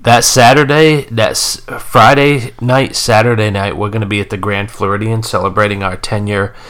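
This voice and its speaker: Low, bright-toned man teasing his co-host. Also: steady tone, normal speed. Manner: playful, teasing banter. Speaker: podcast co-host. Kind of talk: casual live-stream chat.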